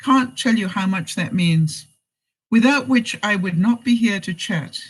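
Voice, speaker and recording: A woman's voice: mid-range voice, lively intonation, measured pace, breathy edge, low-quality recording. A middle-aged woman vlogger giving life advice in a live chat, telling stories, acting out quoted lines and laughing often. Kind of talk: live-stream chat, reading viewer comments.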